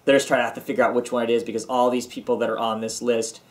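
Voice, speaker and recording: A man's voice: mid-range voice, flat delivery, rapid-fire. Tired, rambling man reviewing comics. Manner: rambling, many ums and restarts. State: tired, yawning. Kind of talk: casual video review. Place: home basement.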